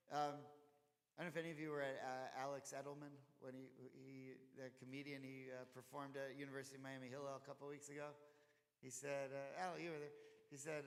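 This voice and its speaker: Animated man teaching in a reverberant hall. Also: medium pitch, a little fast. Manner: conversational, animated, acts out quoted dialogue. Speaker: rabbi teaching Torah study. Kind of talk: informal Torah study class. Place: temple chapel.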